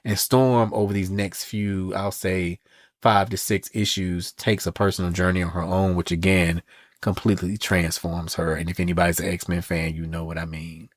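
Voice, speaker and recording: A man co-hosting a podcast, casually recapping a comic book story in a sassy, animated way. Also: sits low, moderate pace, dry recording, studio quality. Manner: animated and sassy, reads quotes in voices. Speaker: podcast co-host.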